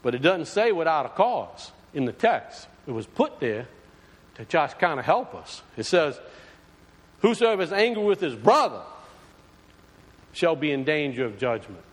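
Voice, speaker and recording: Casting: male preacher, high lively delivery, conversational sermon, long church reverb. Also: a little slow, long pauses, breathy edge. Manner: animated, conversational preaching with rhetorical questions. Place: church sanctuary.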